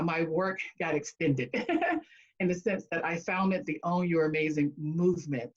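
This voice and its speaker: Lively woman guest telling her story. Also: low-pitched, lo-fi sound. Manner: animated storyteller who acts out quotes and laughs often. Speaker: guest, speech-language pathologist and coach. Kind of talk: storytelling interview answers.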